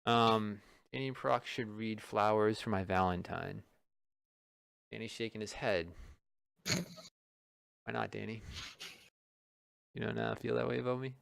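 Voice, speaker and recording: A man's voice: lowish voice, steady tone, a little slow, creaky, long pauses, a bit bright, clear, resonant tone, no echo. Male stream host, casual banter, stumbling restarts, dry close sound.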